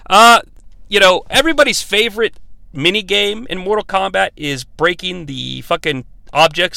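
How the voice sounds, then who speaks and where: A man's voice: high voice, normal speed, gravelly, sharp tone, no room sound. Sarcastic, swearing man recapping a film. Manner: sarcastic, profane, rambling. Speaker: movie reviewer host.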